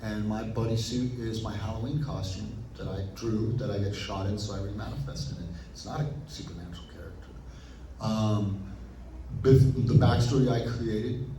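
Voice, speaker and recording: A man talks as an interview guest, his voice mellow and dark in tone. He tells stories animatedly, acting out his own past thoughts in quick asides. The recording sounds distant and heavily roomy, with faint ambience behind him. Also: lowish voice, slight background noise. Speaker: actor guest. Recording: roomy echo, picked up from a distance.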